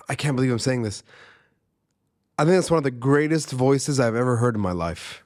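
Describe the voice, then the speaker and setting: A young man talks through a music reaction in a casual, animated way. His voice sits at a middling pitch, and he repeats his points emphatically as his excitement builds. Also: moderate pace. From Arab world. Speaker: music reaction channel host.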